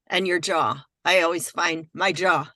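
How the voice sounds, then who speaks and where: Woman, slow pace, lowish pitch, affirming, dry sound. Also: sharp tone, no echo. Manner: affirming, adds brief remarks. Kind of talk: casual conversation.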